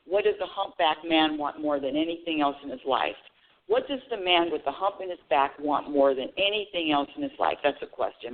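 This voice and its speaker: A woman hosting a spiritual talk radio show, telling a story straight to her audience with lots of restarts and repeated words. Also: low-pitched. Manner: animated storytelling, addresses audience directly. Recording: narrow phone-like radio sound.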